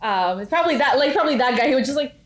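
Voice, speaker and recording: A woman's voice: high-pitched, animated, rapid-fire. A woman chatting casually among friends, rambling with lots of "like" fillers. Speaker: dance company member. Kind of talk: casual chat.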